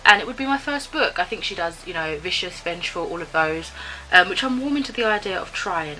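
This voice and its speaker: A young British woman talks through her latest finds in a relaxed, rambling vlog, full of ums and little self-corrections. Her voice is bright and clear, sitting in the middle of the female range. A faint hiss of background noise stays under her. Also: medium pitch, rough recording. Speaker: book vlogger. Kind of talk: casual vlog chat.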